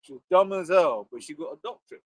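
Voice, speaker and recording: A man's voice: fairly high pitch, animated, slightly rough, dry recording. A man on a casual livestream, talking loosely and laughing along with his co-host. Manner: loose, chatty, quick to laugh and agree. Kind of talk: casual chat.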